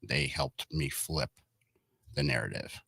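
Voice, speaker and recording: Deep, husky-voiced man guest. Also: slow pace, bright, forceful tone, dry recording, studio quality. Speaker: county board applicant, guest. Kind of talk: casual interview talk.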